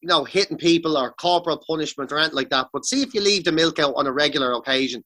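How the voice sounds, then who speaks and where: Bright, sweary Irish man ranting. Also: on the high side, very fast. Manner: sweary, animated storytelling. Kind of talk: casual comedic rant. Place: sitting on the floor of a room.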